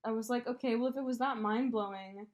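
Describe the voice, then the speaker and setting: A woman's voice: fairly high pitch, fast. Swearing woman telling a breakup story. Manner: animated storytelling, swears freely, acts out quotes. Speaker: podcast co-host. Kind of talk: casual chat.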